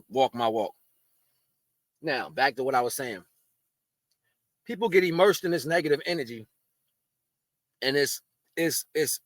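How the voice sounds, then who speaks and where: A man's voice: on the high side, a bit bright, no echo. A man talking casually to camera, giving blunt, streetwise spiritual advice and eating while he talks. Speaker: spiritual video host.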